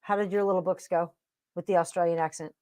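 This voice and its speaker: A woman's voice: lowish voice, fairly even intonation, fast talker. A woman in her fifties co-hosting a casual live chat, rambling through stories with many restarts. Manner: warm, rambling storyteller with restarts. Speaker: co-host.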